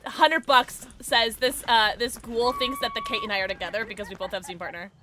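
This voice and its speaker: A woman streaming a game, chatting casually with viewers in an excitable way, with sudden high yelps and laughs. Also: a little fast. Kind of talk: casual livestream chat while gaming. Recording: game music behind the voice. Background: game music.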